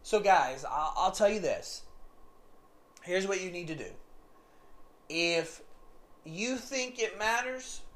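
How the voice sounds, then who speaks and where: Rambling man with a higher voice. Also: a bit bright. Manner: rambling, repeats "I said" often. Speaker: vlogger. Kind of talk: casual storytelling monologue.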